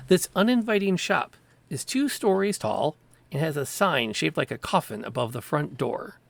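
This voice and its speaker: A man's voice: a little high, normal speed, vocal fry, no echo. A man narrating as game master of a tabletop role-playing game, describing scenes and calling for dice rolls. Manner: relaxed, descriptive, with small vocal sound effects. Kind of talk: narrating a tabletop game over a video call.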